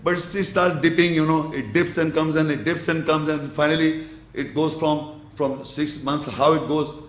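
A man's voice: on the high side, steady tone. Guy teaching a religious class, keeps asking if you follow, roomy echo. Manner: explains slowly with gestures, checks the audience's understanding. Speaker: Islamic lecturer. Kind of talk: religious lecture to an audience.

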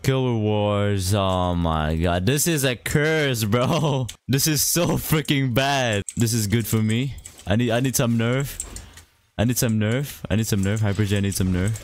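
A man's voice: lowish voice, measured pace. A man giving casual gameplay commentary, exasperated, repeating his complaints and calling everyone bro. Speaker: gaming YouTuber.

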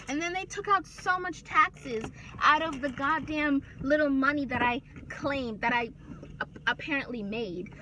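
A young woman talking casually to her phone camera in a vlog, animated and swearing freely, swinging from excitement to ranting. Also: sits high, measured pace, background noise. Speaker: vlogger. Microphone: handheld phone camera.

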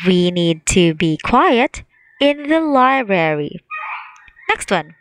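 Slow-paced woman teaching phonics. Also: mid-range voice, sing-song, no room sound, low-quality recording. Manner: slow drawn-out call-and-repeat drills. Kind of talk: phonics lesson for young children.

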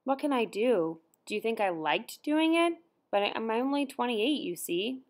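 Hesitant, halting young cleaning woman in an audiobook as a female narrator voices her. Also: a little high, sing-song. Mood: resigned. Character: anxious young cleaning woman, twenty-eight. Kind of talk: audiobook dialogue reading.

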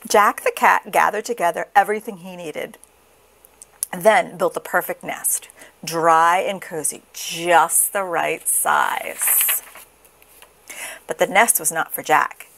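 A woman reading a children's picture book aloud in a slow, expressive sing-song. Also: lowish voice, creaky, a little hiss or hum. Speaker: storybook reader.

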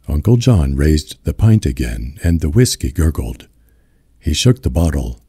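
A man narrates an audiobook in a slow, soothing manner close to the mic. His voice is extremely deep, dark and husky, with a lively rise and fall. The sound is dry with no room around it. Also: no room sound. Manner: slow, soothing ASMR delivery.

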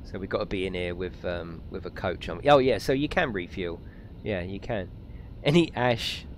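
A man streaming a driving game, chatting excitedly with viewers and reading out their comments. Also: moderate pace, a little hiss or hum. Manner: chatty and excitable, reads out chat, lively pitch swings. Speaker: gaming streamer. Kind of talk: live let's-play commentary, chatting with viewers.

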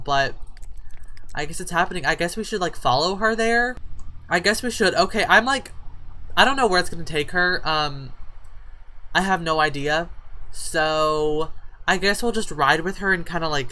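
A female gaming YouTuber with a lowish, bright, forceful voice gives casual life-sim let's play commentary. She chats along and scolds her game characters like a parent.

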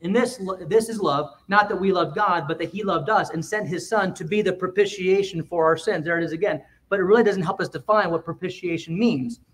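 High-voiced emphatic male preacher. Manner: emphatic, swings between loud and quiet, quick asides. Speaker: pastor. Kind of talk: sermon. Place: church.

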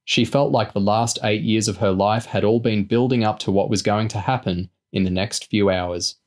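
A man with a fairly low voice reads a novel chapter aloud. He narrates at a steady, measured pace, in the manner of a practised audiobook reader.

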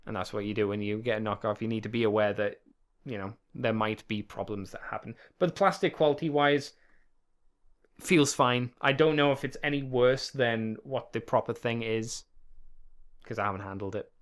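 A man's voice: fairly low pitch, normal speed, clear, resonant tone. A man co-hosting a casual podcast, rambling along, swearing easily and chuckling often. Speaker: podcast co-host. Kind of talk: casual chat.

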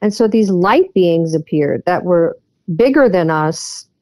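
A woman who is a guest on an interview podcast, earnestly retelling a personal experience and often pausing on fillers. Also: on the low side, animated, a little mellow, no room sound.

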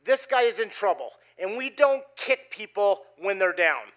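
A middle-aged man preaching a sermon, telling a personal story with animated delivery and dropping his voice low for quoted lines. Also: a little slow. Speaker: pastor. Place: church stage before a congregation.

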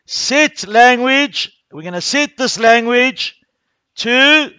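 A man's voice: very high-pitched, expressive, slow, bright, forceful tone, clean tone, no room sound. A man teaching a primary school coding class, talking the pupils through each click step by step.

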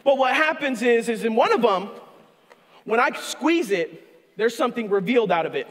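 A man with a strikingly high voice preaches in a church sanctuary, animated and pressing. He acts out a tempter's coaxing voice and lifts into shouts for emphasis. His voice rings with the long echo of the hall. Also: moderate pace. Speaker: pastor. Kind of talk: sermon.

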